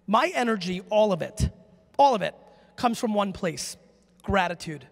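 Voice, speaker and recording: Brash, high-voiced man on a reverberant stage. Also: expressive, normal speed, gravelly. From United States. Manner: brash, emphatic, profane, high-energy. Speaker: conference speaker. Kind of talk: live stage talk with audience Q&A. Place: large conference hall. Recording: long reverb from a conference hall.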